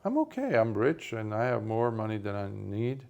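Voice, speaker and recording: A man voicing a rich, generous man who speaks calmly and patiently, reassuring and explaining. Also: lowish voice, moderate pace, gravelly, exaggerated voice.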